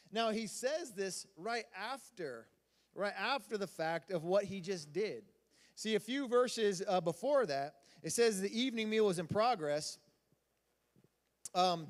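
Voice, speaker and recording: A man with a high voice preaches in a casual, rambling way, chatting and joking with the crowd. His words ring out with a long reverb from the church hall around him. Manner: casual, rambling delivery with audience banter. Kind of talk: sermon.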